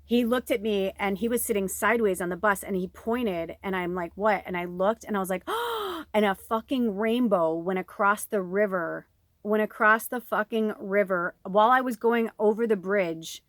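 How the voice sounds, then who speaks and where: A woman's voice: mid-range voice, normal speed, dry recording, studio quality. A woman in her forties, a tarot reader from Chicago, rambling emotionally through a personal story with plenty of swearing, recorded inside an RV. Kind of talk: casual storytelling to viewers.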